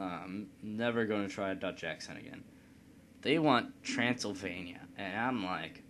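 A man with a somewhat low voice talks through a strategy game in a loose, rambling way, cracking jokes at his own expense. A steady hiss sits under the recording. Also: unhurried. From Indiana, United States. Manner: rambling, joking, self-deprecating. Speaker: let's play host. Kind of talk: casual gameplay commentary. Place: at home computer.

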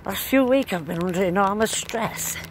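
This older woman rambles chattily in broad dialect, vlogging as she walks outdoors through town. She speaks at medium pitch and a moderate pace, while her phone picks up noisy traffic and street background.

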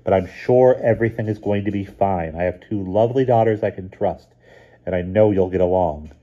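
A man reading a storybook aloud, voicing a busy mother who talks with brisk, forced cheerfulness. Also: low voice, mellow, lo-fi sound. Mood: forced cheer.

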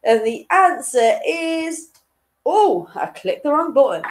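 A woman's voice: high voice, animated, moderate pace, background noise. A young woman hosting an online quiz in a chatty, giggly way, reading each question twice and tripping over her words. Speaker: quiz host.

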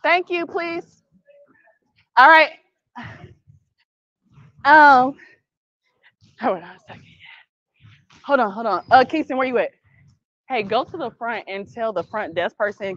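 A woman coaching a youth basketball practice, calling brisk directions and praise and gently correcting the kids. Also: on the high side, animated, no room sound. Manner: brisk, directive calls and encouragement; patient, gentle correction of the group. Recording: dull, dry lo-fi sound.

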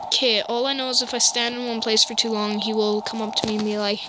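A woman's voice: on the high side, little pitch movement, quick pace, few pauses, very noisy. A woman giving nervous, chatty commentary while playing a horror game, talking to herself and her viewers. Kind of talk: let's-play commentary. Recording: loud game ambience behind voice. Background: eerie game ambience and noises.

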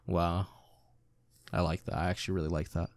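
A man reading a manga aloud and reacting to it in a casual, excitable way, swearing freely. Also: low-pitched, fairly quick, creaky, no echo, studio quality.

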